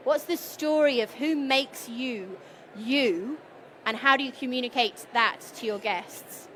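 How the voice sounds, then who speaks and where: A woman's voice: a little high, a bit bright, slight background noise. A woman presenting at a conference, engaging the audience with questions. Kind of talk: conference talk.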